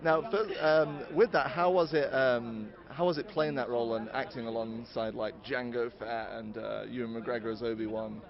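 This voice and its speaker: A man's voice: mid-range voice, normal speed, few pauses. A man interviewing a guest outdoors at a fan convention, friendly and hesitant, with many fillers. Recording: dull lo-fi sound.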